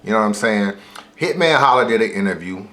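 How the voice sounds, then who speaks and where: A man's voice: fairly low pitch, expressive, fairly quick, bright, forceful tone, slight background noise. A man giving casual vlog commentary on battle rap, speaking in a slangy, emphatic way.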